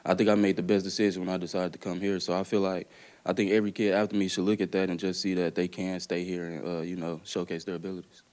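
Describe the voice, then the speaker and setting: Young guy from dallas reading his statement at a press conference, deep steady voice, kinda flat, says uh a lot. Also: fast talker. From Dallas area, Texas. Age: young adult. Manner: plain, earnest delivery with frequent "uh" and "um". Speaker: college basketball player.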